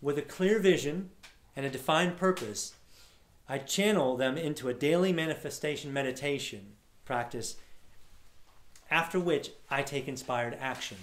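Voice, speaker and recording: A man giving an energetic, casual storytelling talk to a live audience at an event. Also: on the high side. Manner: energetic, casual, swears now and then. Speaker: workshop speaker. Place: large room at a live event. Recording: echoey room sound.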